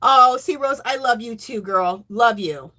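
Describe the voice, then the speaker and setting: A woman's voice: fairly high pitch, a little slow, bright, forceful tone. A middle-aged woman hosting a casual craft livestream from home, bubbly, laughing often and thanking viewers by name. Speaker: livestream host of a knitting and crochet show.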